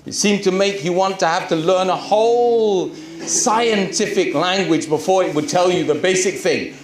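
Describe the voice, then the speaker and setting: Guy preaching, fairly high voice, lots of rhetorical questions, echoey room. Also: normal speed. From Britain. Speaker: Muslim preacher. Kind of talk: storytelling talk to a live audience.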